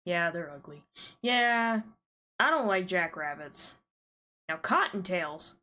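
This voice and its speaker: A woman's voice: on the low side, animated, slow, sharp tone. A woman with a thick American Southern accent, chatting casually with rambling asides while streaming a game.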